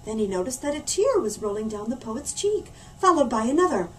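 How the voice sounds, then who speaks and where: A woman librarian reading a storybook aloud with lively, expressive delivery. Her voice is high and animated. It is caught from a distance in a library, with a faint hum behind. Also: brisk. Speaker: children's librarian.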